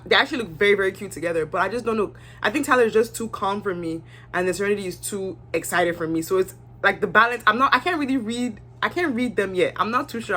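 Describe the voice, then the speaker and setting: A woman's voice: medium pitch, a bit bright, breathy edge. Young woman, casual and blunt, talks straight to camera with her own opinions. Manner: chatty, candid, acts out cast members' lines. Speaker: reality show reviewer.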